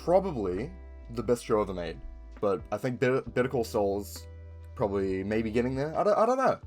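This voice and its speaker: A man's voice: mid-range voice, big pitch swings, fairly quick, darkish tone, faint music behind. A young man with a New Zealand accent chatting casually, rambling with lots of ums and swearing. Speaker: video creator. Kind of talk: casual chat.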